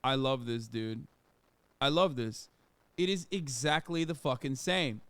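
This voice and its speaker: A male streamer talks through the news in casual reaction commentary, sarcastic and profane. His voice is smooth and resonant, recorded dry and close on a studio mic. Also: mid-range voice, measured pace, a bit bright, no echo. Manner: sarcastic, profane, laughing asides.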